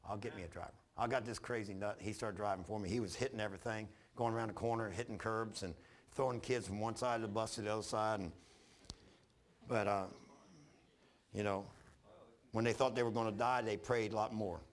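A man's voice: on the low side, a little fast. A man, a pastor preaching in a folksy, storytelling way, acting out the other voices in his stories. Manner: folksy storytelling with animated retold dialogue. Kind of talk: sermon.

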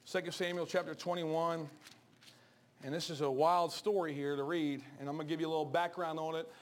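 Man, pastor, quick talker, animated storytelling sermon. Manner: joking, animated storytelling, drops low and soft for serious points.

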